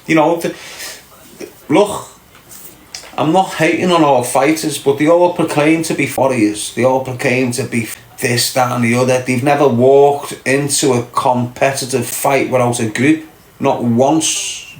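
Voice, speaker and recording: Man, livestream host, casual chat, sweary, taunting, medium pitch. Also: fairly even intonation, a little slow, echoey room. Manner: brash, sweary, mocking banter.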